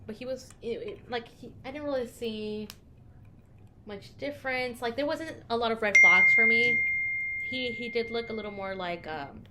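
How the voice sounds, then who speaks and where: A woman's voice: a little high, normal speed, heavy background noise. A young woman co-hosting a podcast, telling candid stories in casual chat and swearing freely. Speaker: podcast co-host.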